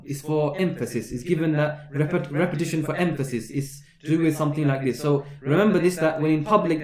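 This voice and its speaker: A man's voice: fairly high pitch, reverberant. A man giving a Ramadan sermon as an imam, asking rhetorical questions and repeating phrases for emphasis.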